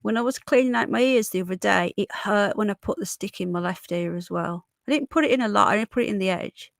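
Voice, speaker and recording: A woman in her early forties with a hoarse voice, hosting a casual livestream and chatting with viewers, calling them love and darling. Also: medium pitch, fast, dry recording. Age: 40s. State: hoarse from illness. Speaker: livestream host. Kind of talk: casual live chat.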